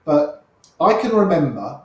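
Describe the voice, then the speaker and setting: As a guest, an older man tells anecdotes casually and chattily, performing the voices of the characters he quotes. His voice is a little high with big swings in pitch, and his pace is a little slow. It was recorded in a very echoey room.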